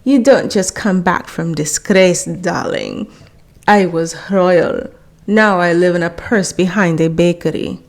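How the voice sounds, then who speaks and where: A woman's voice: fairly low pitch, slow pace. A woman voicing a snooty, world-weary female show poodle with a faint French lilt, in a storybook reading. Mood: bitter.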